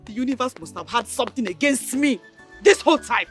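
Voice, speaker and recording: A lamenting Nigerian wife. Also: female voice, a little high, lively intonation, fairly quick, a bit bright, soft background music. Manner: dramatic, lamenting. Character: unhappy married woman regretting her husband.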